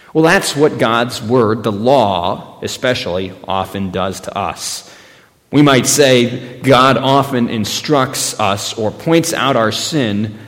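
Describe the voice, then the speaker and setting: A man preaching a sermon in a church, his middle-pitched voice ringing out with a long hall reverb. He talks conversationally, weaving in everyday stories and lifting his voice for emphasis. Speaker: pastor.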